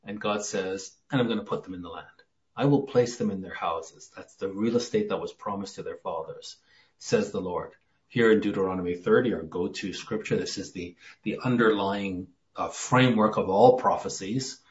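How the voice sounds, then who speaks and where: A low-pitched man preaches through scripture verse by verse, earnest and emphatic. He drops to a near hush when he quotes the text. The recording sounds dull and muffled. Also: normal speed. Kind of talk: sermon, verse-by-verse Bible teaching.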